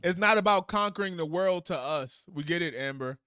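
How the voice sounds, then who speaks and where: On his live stream, a man delivers casual, heated reactions to the news, swearing, getting animated and rambling with frequent restarts. He speaks a little fast in a high, smooth voice, captured in a dry, clean studio recording.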